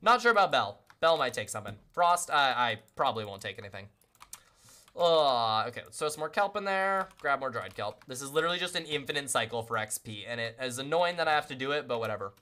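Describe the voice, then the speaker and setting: Animated, bright-voiced chatty game streamer. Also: medium pitch, fast. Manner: chatty, self-deprecating, talks to chat constantly; greets viewers with repeated welcomes. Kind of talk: casual live-stream chatter while gaming.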